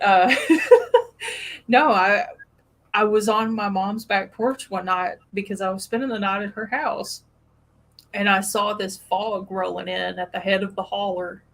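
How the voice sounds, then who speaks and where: This is a woman with a twang, chatting as the host of a loose, friendly conversation. She tells animated stories, padding them with "like" and "you know" and laughing along the way. Her voice sits at an ordinary middle pitch. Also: measured pace, rough recording. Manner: animated storyteller with frequent laughs and fillers. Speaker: podcast host. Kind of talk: casual chat.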